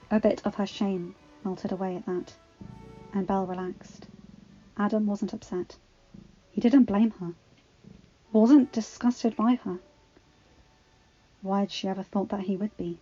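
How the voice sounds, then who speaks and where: A woman's voice: medium pitch, steady tone, unhurried, long pauses, dark tone, slightly rough. Woman narrating a story over faint music. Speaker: fan fiction reader. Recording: slightly dull, faint background music.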